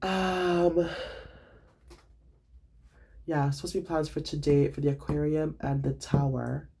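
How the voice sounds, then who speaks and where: A young student vlogger tells his story with animated, over-the-top drama and plenty of swearing. His voice is dark and mellow, with a gravelly fry. It has a husky, slightly breathy edge. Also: fairly high pitch, slow pace. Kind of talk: casual storytime vlog.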